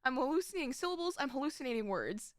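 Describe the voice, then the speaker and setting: Racing along in a high, sing-song voice, a young woman VTuber chats with her live audience, rambling, giggling and regularly catching herself to make corrections. The sound is clean studio quality with no room sound.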